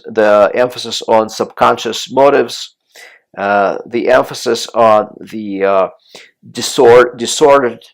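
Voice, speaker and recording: A man giving a recorded college lecture on politics and the media, speaking in a measured way with frequent "uh" fillers and restarts. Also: mid-range voice, gravelly.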